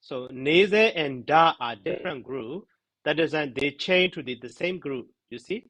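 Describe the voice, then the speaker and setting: A man teaching Pali grammar in a class discussion, halting and searching for words, with many fillers. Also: on the high side, lively intonation, fairly bright tone, low-quality recording.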